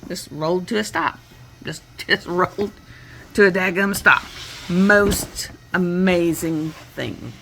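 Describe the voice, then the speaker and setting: A woman's voice: on the low side, slow pace, fairly bright tone, a little hiss or hum. A woman, a crafting vlogger chatting casually and retelling a story with quoted voices at her home workstation.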